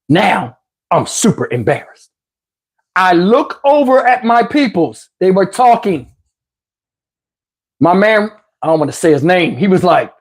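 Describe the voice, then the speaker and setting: Husky man telling a profane comic story. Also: high-pitched, a little slow, long pauses. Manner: animated, profane, acts out every voice. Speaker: channel host.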